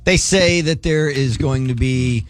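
A man co-hosting a morning radio show, chatting casually and giving relaxed opinions on sports. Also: medium pitch, unhurried, soft background music. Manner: laid-back, opinionated sports talk. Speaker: radio co-host. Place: radio studio.

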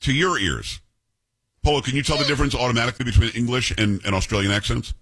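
A man hosting a talk radio show, animated and emphatic, moving between loud asides and quick plugs. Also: medium pitch, slightly rough, low-quality recording. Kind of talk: lively talk radio banter.

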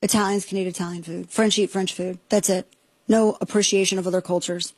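A middle-aged woman hosting a political talk radio show, sarcastic and indignant in rapid-fire bursts. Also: medium pitch, flat delivery, a little mellow, husky, no room sound.

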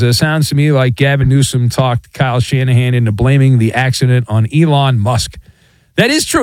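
A middle-aged man runs a call-in talk show, reading out listener notes and needling his callers with dry sarcasm. His voice sits a little high. The sound is dry and close with no room echo. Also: darkish tone. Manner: sarcastic, teasing. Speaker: radio show host.

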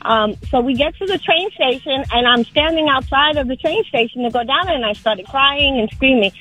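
A woman's voice: high-pitched, expressive, moderate pace, sharp tone, husky, low-quality recording. A woman calling in to a radio show, telling a dramatic true story in an earnest way. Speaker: caller.

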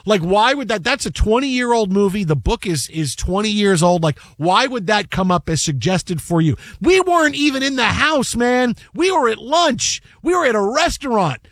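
A man with a fairly high voice, hosting a sports talk show. He rambles through stories with animated, joking energy. The recording is dry and close. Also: normal speed, hardly any pauses, no room sound. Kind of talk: casual chat.

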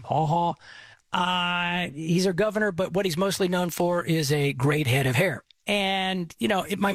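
Rambling high-voiced man. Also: a bit bright, no echo. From Texas. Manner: rambling, self-deprecating, stammers and restarts. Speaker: host. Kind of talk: casual storytelling.

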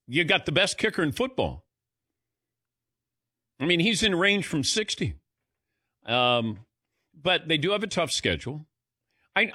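A man hosting sports talk radio in a bright, lively voice that rises and falls freely. He chats loosely with callers and crew. The studio sound is dry and close. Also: mid-range voice, slightly rough, no room sound. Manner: chatty, conversational.

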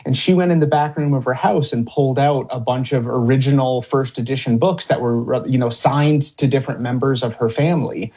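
A man's voice: medium pitch, steady tone, a little fast, few pauses, mellow, husky. A middle-aged man from upstate New York, a biologist, answering interview questions in a rambling way, with many fillers and restarts and frequent chuckles. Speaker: biologist and TV cryptid hunter.

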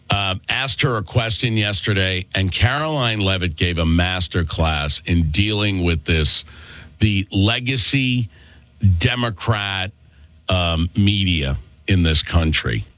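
A man's voice: low-pitched, expressive, slow pace, a bit bright, no echo. A male talk show host with a Worcester, Massachusetts accent, delivering a chatty, opinionated monologue and calling listeners folks.

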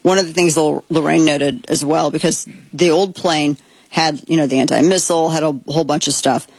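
Husky-voiced woman podcast host. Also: deep voice, steady tone, fairly quick, darkish tone, dry recording. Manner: rambling, sarcastic, with frequent restarts. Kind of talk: casual political commentary.

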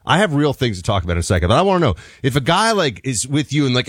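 A man's voice: mid-range voice, very animated, rapid-fire, a bit bright, no echo, studio quality. A man hosting a talk radio show, teasing his co-host in playful banter while out of breath. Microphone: studio microphone.

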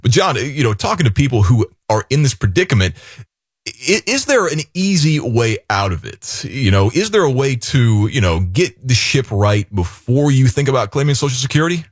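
A male radio co-host with a husky voice swings his pitch widely up and down as he pitches the show's services. The sound is dry and close, with little room to it. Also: moderate pace, dry recording. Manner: lively pitch swings, upbeat promotional pitch. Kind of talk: radio finance show.

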